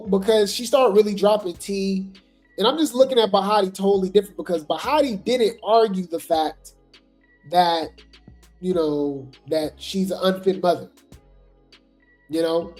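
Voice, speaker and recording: Gossip commentary host, chatty, lots of "right?", mid-pitched, faint music behind. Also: darkish tone. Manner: chatty, full of fillers and "right?" asides.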